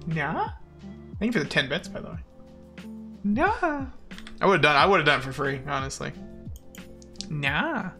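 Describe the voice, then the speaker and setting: A young adult streamer talks casually over a live game, rambling and poking fun at themself. The voice swings widely in pitch and has a bright, sharp tone with some gravelly fry. Faint music plays underneath. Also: lively intonation, a little fast. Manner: rambling, jokey and self-mocking, laughs often; mock-dramatic outbursts.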